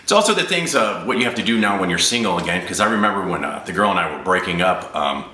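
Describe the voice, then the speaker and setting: A man doing a stand-up audition, telling stories in a deadpan manner. His voice sits low but moves a lot in pitch, with a very bright, tense tone. The recording has a roomy echo. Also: fast talker. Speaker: improv comedian.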